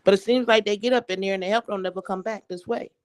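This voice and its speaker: A woman's voice: mid-range voice, steady tone, quick pace, background noise. A woman calling in to a talk show, blunt and skeptical as she questions a guest. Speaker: caller. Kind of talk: phone-in question.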